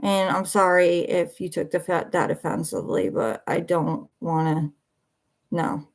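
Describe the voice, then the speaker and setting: On a livestream, a worn-out woman answers viewers in a heated, defensive rant, blunt, swearing and repeating herself. Her fairly low voice keeps a fairly even intonation and a measured pace.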